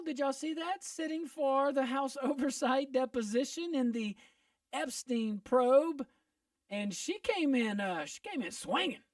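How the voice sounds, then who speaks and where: A man hosting a casual radio talk show, upbeat and joking with quick asides. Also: very high voice, no room sound, clean studio sound, distant mic. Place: radio studio.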